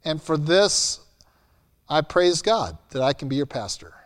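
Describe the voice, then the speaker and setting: A man preaching a sermon as pastor, blunt and emphatic, swinging between loud and soft. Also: fairly high pitch, big pitch swings, a little slow. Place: church hall. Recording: long hall reverb.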